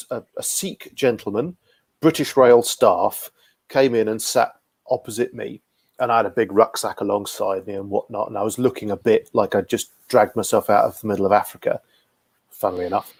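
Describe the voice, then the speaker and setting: A man's voice: mid-range voice, a little mellow, no echo. Chatty rambling male host. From Guernsey. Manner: chatty, rambling storyteller with self-deprecating asides. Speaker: podcast host. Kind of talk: casual video call chat.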